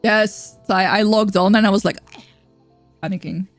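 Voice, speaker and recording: A woman's voice: medium pitch, fairly even intonation, moderate pace, dry recording, soft background music. A woman streaming a game, chatting casually with viewers by name and cooing at her cat from her computer chair. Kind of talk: casual live-stream chat.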